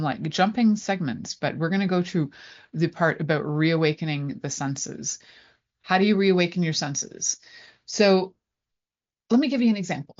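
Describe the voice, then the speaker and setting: Female radio host, low voice, chatty and loose, dull lo-fi sound. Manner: chatty, rambling, laughs easily. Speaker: sex and relationship coach, radio host. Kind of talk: casual radio talk.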